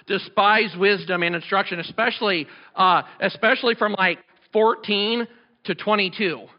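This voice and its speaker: A middle-aged male pastor preaching a sermon, loud and passionate with chatty asides, his voice cracking from overuse. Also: high-pitched, moderate pace, dull audio. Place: church sanctuary.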